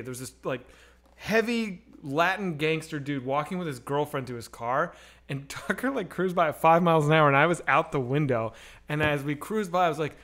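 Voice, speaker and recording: Male comedy host, storytelling, lively pitch, bright edge, profane. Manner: animated, profane, acts out the voices in his story. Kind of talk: storytelling on a stream.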